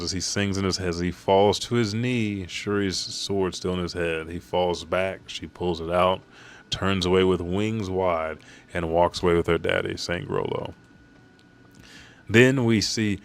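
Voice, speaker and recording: Low-voiced man recapping excitedly. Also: a little slow, clear, resonant tone. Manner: excitable, reads lines aloud with shifts in voice, swears casually. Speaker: manga chapter reviewer. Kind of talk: casual recap reading out dialogue.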